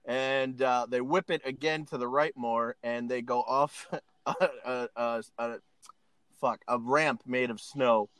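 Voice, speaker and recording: A man recaps a film scene by scene, giggling as he goes. His voice sits at an ordinary middle pitch. The sound is close and dry. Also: steady tone, unhurried, a bit bright, clean tone, no room sound. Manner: laughs often while retelling scenes. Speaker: podcast host. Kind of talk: casual chat, recapping a film.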